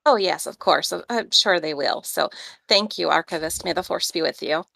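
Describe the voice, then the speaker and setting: A woman's voice: fairly low pitch, normal speed, vocal fry, pushed and bright, full character voice. A woman voicing a playful, cheeky young alien woman, a small-time criminal, with a slight put-on Russian-like accent.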